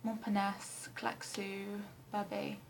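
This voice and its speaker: A young woman from England chatting casually to camera in her flat, rambling and self-deprecating with frequent ums and the odd swear word. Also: medium pitch, slow, a little hiss or hum, poor audio. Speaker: vlogger answering a tag questionnaire. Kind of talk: casual chat. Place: flat, indoors.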